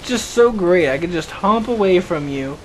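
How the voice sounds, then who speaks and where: A man's voice: sits high, animated, moderate pace, slight background noise. A young man rambling and joking as he comments on his own gameplay, often laughing at himself. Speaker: gaming channel host.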